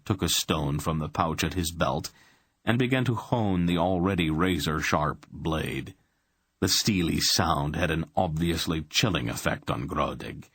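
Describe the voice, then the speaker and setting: A man narrating an audiobook in an expressive storytelling manner. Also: rumbling low, slightly rough, no room sound. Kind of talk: scripted narration.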